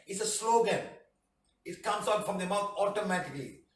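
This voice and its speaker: A man's voice: high-pitched, animated, normal speed. A man teaching a healing class, talking emphatically and repeating phrases as he acts them out. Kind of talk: class lecture. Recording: roomy hall from a distant mic.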